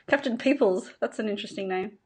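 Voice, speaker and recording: A woman's voice: medium pitch, normal speed, a little mellow, breathy edge. A woman interviewing a guest, who keeps her replies brief and encouraging and laughs easily. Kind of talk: casual interview.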